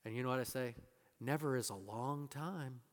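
A man preaching a sermon in a church. He speaks emphatically and at times drops to soft, hushed lines. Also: medium pitch, moderate pace. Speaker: pastor. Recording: reverberant hall sound.

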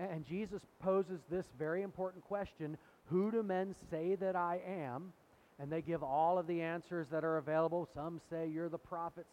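A man's voice: on the high side, darkish tone, poor audio. A man preaching a sermon, teaching in a conversational way, quoting scripture and putting questions to his listeners. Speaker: pastor. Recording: faint hiss.

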